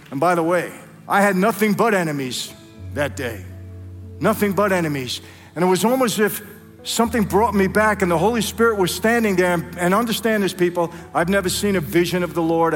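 A man preaches a personal testimony, his voice pitched high for a man. He tells his story dramatically, acting out voices and speaking straight to the congregation. The sound rings with a long reverb from a large hall, with faint music underneath. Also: moderate pace, a bit bright. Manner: dramatic storytelling, acts out dialogue, addresses crowd as "people". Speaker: guest speaker at a church. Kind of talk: testimony sermon.

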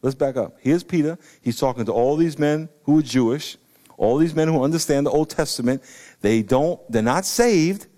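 A middle-aged pastor with a drawl delivers a sermon in a somewhat high voice. He preaches with excitable energy and now and then breaks into loud, emphatic bursts. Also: normal speed.

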